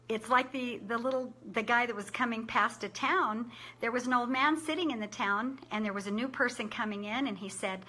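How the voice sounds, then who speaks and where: A woman's voice: a little high, sharp tone, breathy edge. A middle-aged woman sharing conference takeaways in a chatty, upbeat way, laughing often. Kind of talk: casual talk to camera.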